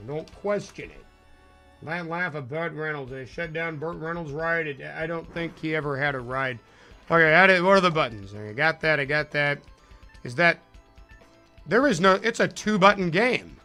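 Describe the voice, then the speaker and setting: A male game streamer chats casually with his viewers while playing, rambling loosely and cracking self-deprecating jokes. His voice is a bit high for a man, with a bright, forward edge.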